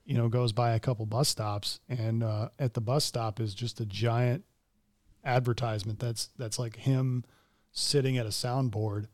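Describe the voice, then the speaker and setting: A man's voice: mid-range voice, fairly even intonation, moderate pace, no echo, clean studio sound. A man co-hosting a podcast, talking in a casual, joking way with stubborn rants. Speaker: podcast co-host. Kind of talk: casual chat.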